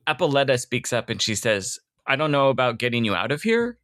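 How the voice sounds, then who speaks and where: Bright-voiced man chatting on a podcast. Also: mid-range voice, fairly quick, no echo, clean studio sound. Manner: relaxed, laughs often while summarizing. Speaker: podcast co-host. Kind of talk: casual book-recap chat.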